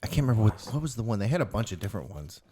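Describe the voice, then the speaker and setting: A man with a lowish voice chats casually as a podcast co-host. He rambles through stories, stacking fillers as he goes. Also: sing-song, rapid-fire, dark tone, breathy edge. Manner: rambling storyteller, lots of filler words. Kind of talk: casual chat over drinks.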